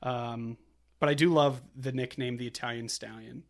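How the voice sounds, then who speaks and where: A man's voice: medium pitch, fairly even intonation, moderate pace, creaky. A young man co-hosting a film podcast, chatting casually and retelling scenes with quoted lines and laughs. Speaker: podcast co-host. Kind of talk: casual chat.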